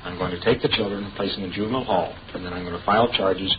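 A man's voice: deep voice, fairly even intonation, racing. A male police officer questioning a woman in a firm, formal, lecturing manner. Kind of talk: on-duty questioning. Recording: lo-fi noisy field recording.

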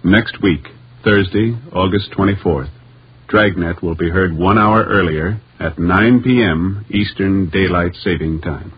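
A man announcing a radio program in a formal, measured style. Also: low voice. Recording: old lo-fi radio broadcast with loud music.

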